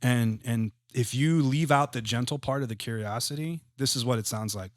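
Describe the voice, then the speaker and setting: A man in his thirties talks through ideas in a relaxed podcast chat. He sounds earnest and reflective, his voice sits in a middle register, and the recording is close and dry. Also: medium pitch, a little fast, few pauses, no echo. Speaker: guest, real estate entrepreneur. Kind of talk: casual podcast conversation.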